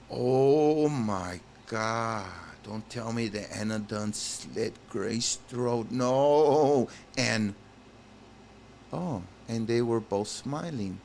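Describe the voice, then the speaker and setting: A man's voice: mid-range voice, extremely slow, gravelly, a little mellow, slight background noise. A man doing let's play commentary, reading a story game's text aloud and breaking off with exclaimed reactions to his viewers. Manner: talks to viewers as "guys". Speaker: gaming channel host.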